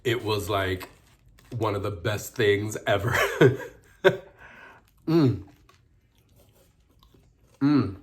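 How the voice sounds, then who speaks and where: A man's voice: on the low side, extremely slow, long pauses. A man vlogging casually while eating a sandwich, chewing as he talks and mixing Spanish phrases into his English. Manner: eats and chews while talking. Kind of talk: casual mukbang vlog.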